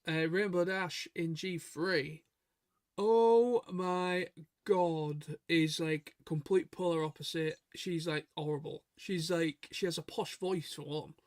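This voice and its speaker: A man's voice: a little high, steady tone, unhurried, hardly any pauses, dry recording, clean studio sound. A man co-hosting a casual chat stream, rambling and chatty, stumbling over and repeating his words. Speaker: stream co-host.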